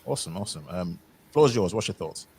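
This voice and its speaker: Deep-voiced, fast-talking male host. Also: slight background noise. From United Kingdom. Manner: relaxed, filler-heavy, agreeable. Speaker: livestream host. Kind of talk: casual panel discussion.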